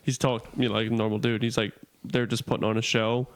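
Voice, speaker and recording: A man's voice: medium pitch, flat delivery, quick pace. A man co-hosting a podcast, telling a rambling story in loose, crude casual banter. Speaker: podcast co-host.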